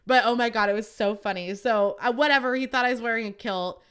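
A woman's voice: fairly high pitch, animated, quick pace, few pauses, fairly bright tone, smooth. A young woman hosting a podcast, chatting casually, swearing freely and acting out what people said. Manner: chatty, swears freely, acts out quotes in a raised voice. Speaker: podcast host. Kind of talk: casual chat.

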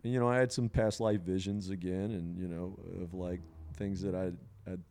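A man with a smooth, clean voice that sits a little low, telling a long personal story at an easy conversational pace. He rambles, leans on "you know" and laughs along the way. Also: steady tone, normal speed, warm tone. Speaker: podcast guest sharing a psilocybin experience.

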